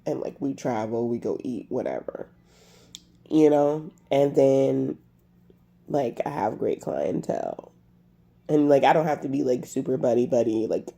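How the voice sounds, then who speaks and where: A woman talking to camera in a personal confessional vlog, halting with lots of fillers and restarts, upset and irritated, a bit congested. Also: very deep voice, creaky, warm tone. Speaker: vlogger.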